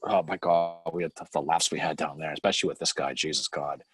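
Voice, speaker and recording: A man's voice: extremely low pitch, fairly even intonation, fast talker, a bit bright, husky. A man co-hosting a casual live-stream chat, teasing and joking with his co-host and swearing casually. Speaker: podcast co-host.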